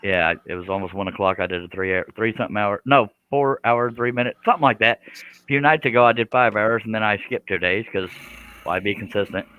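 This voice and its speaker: A man's voice: fairly low pitch, fairly even intonation, brisk, smooth, dry recording, narrow, tinny audio. A man hosting a live stream, chatting casually with guests, joking and laughing often.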